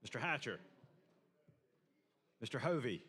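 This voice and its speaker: A man reads out a roll call very slowly, one name at a time, his voice a little husky. The sound carries a long hall reverb from a large legislative chamber. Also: medium pitch. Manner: measured, even name-by-name delivery. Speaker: senate secretary. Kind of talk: calling the roll.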